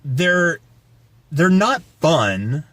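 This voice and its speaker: A man rants through a casual movie review, sweary and sarcastic. His voice sits a touch high and leaps around all over the place. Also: big pitch swings, extremely slow, a bit bright, no echo. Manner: profane, ranting, sarcastic. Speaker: guest film reviewer.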